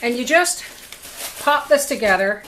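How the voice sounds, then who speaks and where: A woman's voice: on the high side, expressive, measured pace, background noise. Chatty folksy woman demonstrating in her kitchen. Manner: chatty and folksy, talks through each step. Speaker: homestead vlogger demonstrating food preservation.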